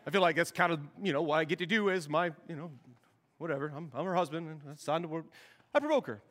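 A man in his forties preaches with a fairly high voice, and his words ring out with the long reverb of a large hall. He jokes through his sermon like a youth pastor, slipping into little acted-out conversations. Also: lively intonation, fast, fairly bright tone. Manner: joking, storytelling, acts out dialogue.

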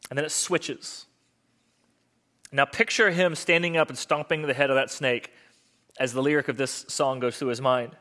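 A man's voice: mid-range voice, fairly even intonation, normal speed, sharp tone. A man, a pastor, preaching a sermon in an earnest, conversational storytelling manner.

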